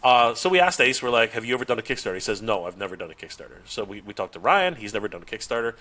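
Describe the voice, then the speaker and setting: Speaking very fast in a lowish voice, this man is a toy YouTuber guesting on a podcast. He tells a story in a relaxed, chatty way, animatedly performing the dialogue, with lots of laughter and many restarts.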